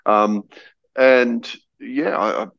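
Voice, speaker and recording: A man's voice: mid-range voice, fairly even intonation, drawn-out words, gravelly, a bit bright, no echo. Australian man on a dull, dry line. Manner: hesitant, many fillers and restarts. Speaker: co-host on the line. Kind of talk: casual sports chat. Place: hotel room.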